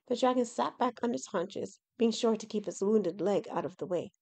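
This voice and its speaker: A woman reading her own fantasy novel aloud in a steady, expressive storybook narration. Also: medium pitch, normal speed, gravelly, few pauses.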